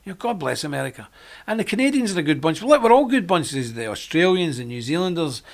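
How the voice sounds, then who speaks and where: A man's voice: fairly high pitch, sing-song, fast, creaky. A middle-aged man hosting a live-stream monologue, talking in a rambling, chatty way with frequent laughs. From Britain. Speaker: host.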